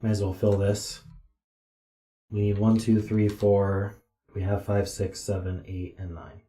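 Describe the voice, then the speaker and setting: A tired man streams himself puzzling, with a deep, dark voice that mutters and counts digits half to himself. His voice sits in a roomy, echoey home room. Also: flat delivery, a little slow. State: tired, yawning. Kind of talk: thinking aloud while solving.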